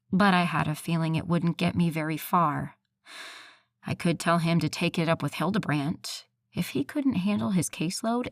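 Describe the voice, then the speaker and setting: A woman narrating a first-person audiobook in an expressive way and voicing the characters. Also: lowish voice, dry recording, clean studio sound.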